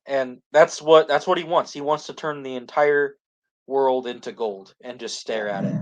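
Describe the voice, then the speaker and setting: At a moderate pace and in a mid-range voice, a male podcast co-host recaps a series. He rambles casually, using "like" constantly and restarting his sentences.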